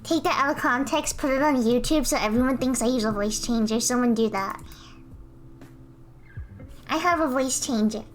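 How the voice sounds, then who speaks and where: A woman's voice: on the high side, moderate pace, pauses often. A female streamer chatting casually while she draws, giggling often and answering her chat.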